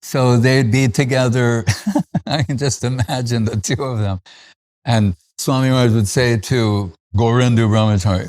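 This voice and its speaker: A man's voice: mid-range voice, fairly even intonation, normal speed, a little mellow. A man giving a devotional festival talk, recalling stories with frequent chuckles and fillers like "uh" and "like".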